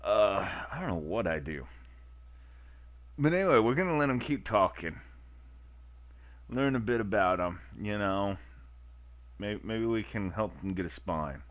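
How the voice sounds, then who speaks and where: A man's voice: on the low side, lively intonation, measured pace, long pauses, no room sound. A man streaming a dating game, joking and rambling with frequent laughs as he comments on the choices.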